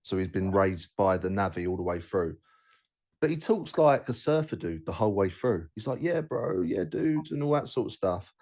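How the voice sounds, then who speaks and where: A man's voice: sits low, lively intonation, moderate pace, darkish tone. A man hosting a casual podcast chat, talking bluntly and rambling with many restarts. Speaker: podcast host.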